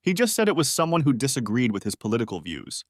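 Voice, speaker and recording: A man's voice: mid-range voice, huge pitch swings, quick pace, no echo, clean studio sound. A man voicing a distraught adult wife who pleads and defends herself, in a story reading. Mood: pleading.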